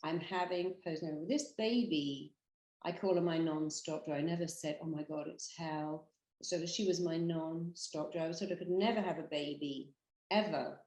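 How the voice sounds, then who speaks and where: A British woman delivers a motivational talk with emphatic, animated energy. She acts out the quotes she tells in her stories. Her voice sits a little low, and the room gives it a noticeable echo. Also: moderate pace. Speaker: therapist and hypnotherapist.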